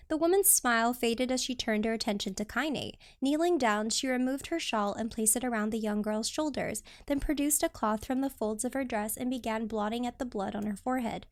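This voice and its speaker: A woman streamer reading a novel aloud in steady storybook narration. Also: on the high side, normal speed, few pauses.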